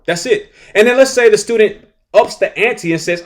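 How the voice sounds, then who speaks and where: A man's voice: sits high, normal speed. A man hosting a solo podcast for teachers, talking casually and repeating himself as he gives advice. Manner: conversational, repeats himself, acts out angry teachers and rude students.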